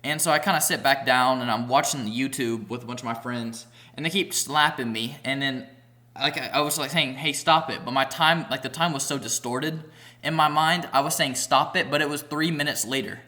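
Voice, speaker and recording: A man's voice: medium pitch, fairly quick, sharp tone. A young man vlogger telling a rambling, profane story in a casual storytime vlog, packed with "like" fillers. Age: young adult.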